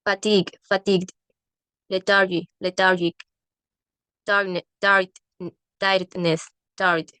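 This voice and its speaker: Slow, halting woman reading aloud. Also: medium pitch, level tone, bright, forceful tone, clear, resonant tone, no echo. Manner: halting, frequent restarts on words. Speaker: student reading a textbook aloud. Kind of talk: reading a medical English textbook aloud.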